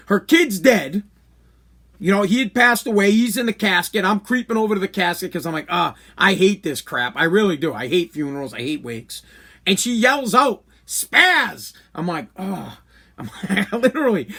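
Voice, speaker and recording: A man with a voice that sits high and sounds fairly bright tells a long personal story on his podcast. As host, he delivers this casual storytelling monologue candidly and in a rambling way, restarting many times.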